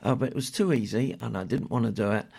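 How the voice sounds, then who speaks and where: An older man presenting a radio show, chatting and reminiscing in a rambling way with many pauses and fillers. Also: medium pitch, vocal fry, dark tone, slightly rough.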